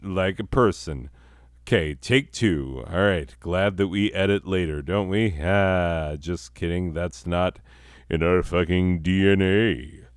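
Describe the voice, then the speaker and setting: A man's voice: low-pitched, no echo, clean studio sound. A man hosting a comedy podcast, delivering a profane, sardonic satirical monologue and laughing at his own jokes.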